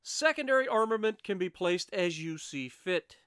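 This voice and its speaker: A man's voice: high-pitched, animated, moderate pace, fairly bright tone, clear, resonant tone, no echo, studio quality. A man hosting a gaming channel, reading out challenge rules steadily with wry asides and self-corrections into a desk microphone.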